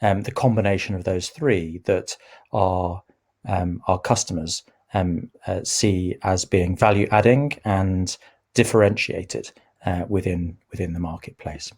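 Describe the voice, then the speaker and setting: Hesitant, croaky-voiced man presenting to investors. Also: deep voice, steady tone, a little mellow. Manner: halting, many ums and restarts. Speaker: company chief executive presenting results.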